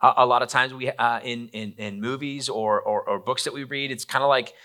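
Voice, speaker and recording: Brief: male pastor, bright forceful tone, chatty sermon delivery that acts out quoted lines. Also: mid-range voice, fairly even intonation, fairly quick.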